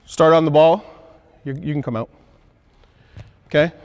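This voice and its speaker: In a gym, a man coaches basketball on the court, demonstrating moves while sounding a little out of breath. His instructive style is punctuated with "okay?" and "right?", and his voice is on the high side and unhurried, with a big-room sound.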